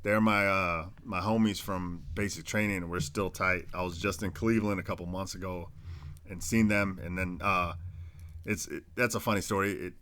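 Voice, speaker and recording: A man co-hosting a casual podcast, rambling through shout-outs in a laid-back, profane way. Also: low-pitched, steady tone, normal speed. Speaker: podcast co-host. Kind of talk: casual chat.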